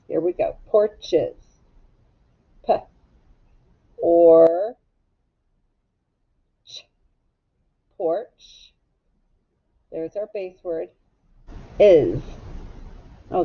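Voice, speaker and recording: A woman teacher leads a phonics lesson at a slow, deliberate pace, sounding out syllables one by one with patient care. The recording is slightly dull and muffled. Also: on the low side. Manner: slow, patient, drawn-out instruction.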